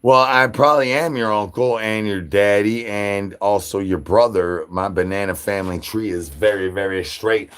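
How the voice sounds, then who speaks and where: A man hosts a loose, rambling livestream. His voice sits somewhat low, and he spins goofy nonsense, repeated chants and silly wordplay in a casual chatty flow. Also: normal speed, few pauses, fairly bright tone, clear, resonant tone. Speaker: livestream host.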